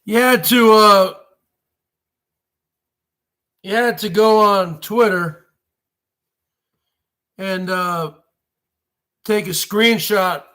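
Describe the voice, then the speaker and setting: Extremely slow and full of pauses, a man's high, bright voice carries a forceful, clean tone. He's in his forties and hosting his own show, sarcastically ranting on a casual livestream in an emphatic, repetitive way.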